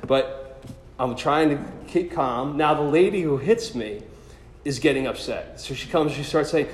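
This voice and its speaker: A man's voice: on the high side, unhurried. Man telling a faith story in an echoey hall. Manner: animated storytelling, self-deprecating asides. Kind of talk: personal story told as a sermon. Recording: echoey hall with long reverb.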